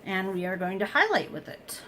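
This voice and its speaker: A woman's voice: medium pitch, very animated, moderate pace, fairly bright tone, a little hiss or hum, rough recording. A woman chatting casually through a makeup tutorial at home, explaining each step and joking about herself. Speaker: beauty vlogger.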